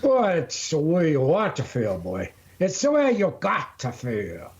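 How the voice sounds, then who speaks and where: A man's voice: a little high, wildly swooping pitch, measured pace, dull audio, voice pushed up. A man voicing a folksy old man who lectures a boy in a drawling, preachy way.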